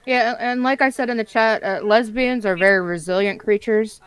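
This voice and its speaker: A woman with a smooth, clear voice talks on a stream in a blunt, profane way. A wad of tobacco dip in her lip thickens her words a little. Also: on the high side, normal speed. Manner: blunt, profane, a bit mumbled. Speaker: guest on a stream. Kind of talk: casual stream chat.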